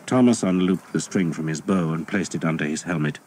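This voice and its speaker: A man reading a historical novel as an audiobook, in a steady, measured storytelling voice. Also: a bass voice, breathy edge. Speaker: audiobook narrator. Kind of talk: scripted audiobook narration.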